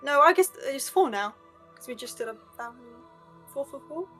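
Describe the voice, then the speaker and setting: A woman's voice: high-pitched, expressive, moderate pace, sharp tone, faint music behind. A woman playing a tabletop game, chatting casually in a rambling, joking, self-deprecating way. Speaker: player. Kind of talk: casual chat and table talk.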